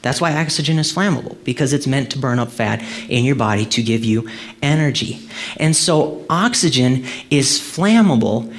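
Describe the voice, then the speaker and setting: A man's voice: mid-range voice, expressive, normal speed. A middle-aged male pastor preaching in a conversational way, full of rhetorical questions and "okay?" checks, climbing to emphatic peaks. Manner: frequent restarts and checks like "okay?" and "right?". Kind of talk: sermon.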